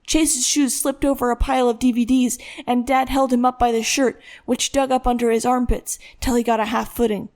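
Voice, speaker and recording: A woman reads a tense thriller audiobook, carrying the story along in a steady, dramatic narration. Her voice sits somewhat high for a woman. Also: brisk, few pauses.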